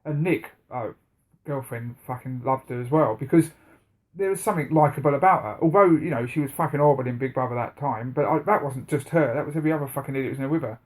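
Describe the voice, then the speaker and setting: A man's voice: medium pitch, fast talker, a little mellow. A man, co-hosting a podcast in casual chat, telling rambling stories and swearing a lot. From England. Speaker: podcast co-host.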